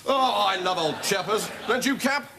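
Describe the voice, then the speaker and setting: An actor playing a cheerful, dim-witted young upper-class officer. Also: male voice, high voice, animated, normal speed, vocal fry, noisy background. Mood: hearty. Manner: hearty, gushing. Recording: TV soundtrack with music behind.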